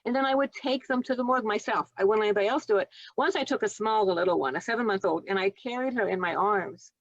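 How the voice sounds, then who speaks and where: A woman in her seventies, a retired nurse telling heartfelt stories in an interview, earnest and gentle. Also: medium pitch, fast talker, dry recording, dull audio. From United States. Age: 70s. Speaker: guest, retired nurse and author. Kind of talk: reflective storytelling interview.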